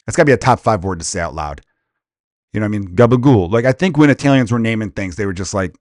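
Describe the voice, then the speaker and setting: Crude, animated man ranting on a podcast. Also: fairly low pitch, no room sound, studio quality. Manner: crude, profane and animated, slipping into quick impressions. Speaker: comedian podcast host. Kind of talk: casual comedic rant.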